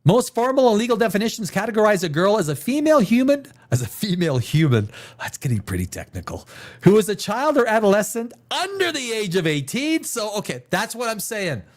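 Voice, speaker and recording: A man's voice: high-pitched, big pitch swings, fairly quick. Rambling sarcastic man hosting a live show. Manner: rambling, sarcastic, swears, mocks in put-on voices. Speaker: podcast host. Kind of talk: casual live-stream chat. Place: home room, sitting at a desk chair.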